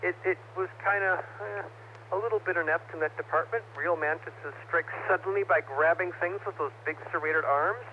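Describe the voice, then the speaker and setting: A man's voice: on the high side, moderate pace, slight background noise. Dry-humored man over a dull ham radio. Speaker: net participant. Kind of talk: radio net commentary.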